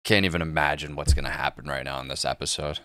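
A young man hosting a first-time watch reaction, excitable and profane, shouting at the screen. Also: very deep voice, quick pace, loud music behind the voice. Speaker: reaction video host.

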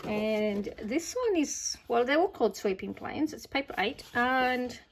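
A woman's voice: on the high side, lively intonation, a little slow, slight background noise. A middle-aged woman with an Australian accent, chatting casually as she unboxes craft supplies, gushing with delighted exclamations. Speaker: craft vlogger.

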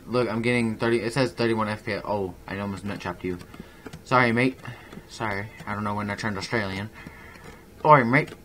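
Underneath this gaming YouTuber's recording is a faint hiss. He's young, with a fairly low voice, and he rambles casually through a video game, poking fun at himself and getting excitable in bursts.

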